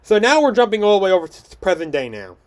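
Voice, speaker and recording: Young male host, a touch high, clean smooth tone, stumbles and restarts as he chats. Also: very animated, racing. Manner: rambling, frequent restarts and stumbles. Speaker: podcast host. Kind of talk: casual film news chat.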